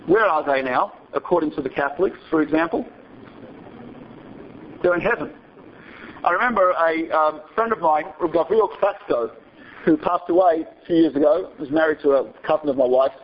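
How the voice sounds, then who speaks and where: A man's voice: on the high side, moderate pace, slight background noise. A male rabbi telling a story to his students in a digressive, chatty lecture, often checking in with a rhetorical "right?". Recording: dull lo-fi recording.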